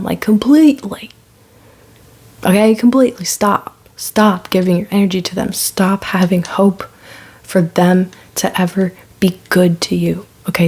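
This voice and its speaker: A woman card reader talking slowly in a breathy, half-whispered voice with a gravelly fry. She is blunt and direct and drives each point home by repeating it again and again. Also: medium pitch, fairly even intonation, darkish tone. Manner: blunt, repetitive, emphatic reassurance.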